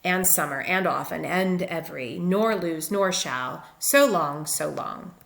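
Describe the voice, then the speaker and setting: A woman's voice: deep voice, unhurried, gravelly, fairly bright tone, reverberant. A woman literature teacher explaining step by step over slides in a recorded lecture. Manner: methodical, explanatory.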